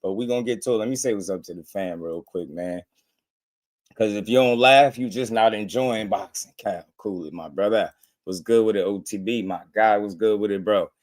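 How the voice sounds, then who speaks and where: A man's voice: lowish voice, normal speed. Laid-back New Jersey livestream host, a man, chuckling through loose slangy banter with viewers. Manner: laughs often, relaxed slangy banter. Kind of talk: casual livestream chat.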